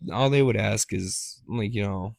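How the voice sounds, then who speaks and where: A man with a low voice co-hosts a casual podcast, joking and cursing freely. He drifts into playful bits and silly voices. The mic sound is close and dry, with no room around him. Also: measured pace, vocal fry, a little mellow, dry recording. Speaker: podcast co-host. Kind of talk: casual chat.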